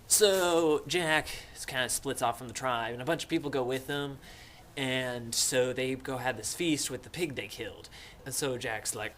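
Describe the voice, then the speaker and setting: A young man giving a joking, offhand summary of a novel, breaking into shouted character voices. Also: medium pitch, normal speed, slight background noise. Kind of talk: comic book summary with voices.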